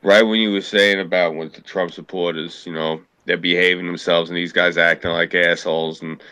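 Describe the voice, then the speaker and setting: A man's voice: low voice, little pitch movement, a little fast, sharp tone, dry recording. A man with a New York accent in a casual political chat, talking bluntly and with plenty of profanity.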